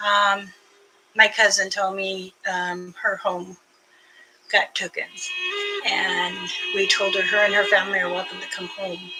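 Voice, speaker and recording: Slow-talking older woman, a little breathless. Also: mid-range voice, flat delivery, music in the background, poor audio. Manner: unhurried, halting, many fillers. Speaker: spiritual elder. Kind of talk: casual spoken prayer and talk.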